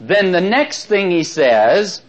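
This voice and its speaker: Lively, chuckling male Bible teacher. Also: sits high. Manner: slows right down when reading verses aloud. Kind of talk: Bible study lecture to a live class. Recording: dull lo-fi recording.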